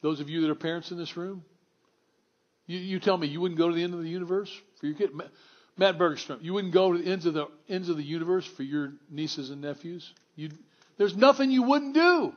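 High-voiced pastor preaching. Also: male voice, fairly even intonation, fast, highs cut off. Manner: conversational, wry, swings from hushed to exclamatory. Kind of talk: sermon. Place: church in front of a congregation.

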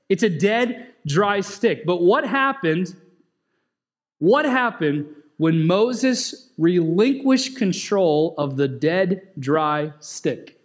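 A man's voice: high-pitched, expressive, slow pace. A man preaching a sermon in a conversational way, asking the congregation questions and joking with them. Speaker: pastor.

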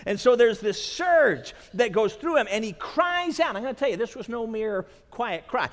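A man preaching a sermon at a conference, dramatic, dropping to a hush and then rising to shouts. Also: extremely high pitch, very animated, measured pace, hardly any pauses. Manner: dramatic, swings from hushed to shouting. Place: large conference hall. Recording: long reverb of a large hall.

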